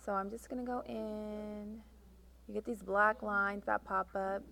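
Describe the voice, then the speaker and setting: A woman teaching a software tutorial, talking through each click step by step and reading instructions aloud. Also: mid-range voice, level tone, measured pace, vocal fry. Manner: reads instructions aloud, correcting herself. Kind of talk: screen-recorded software tutorial.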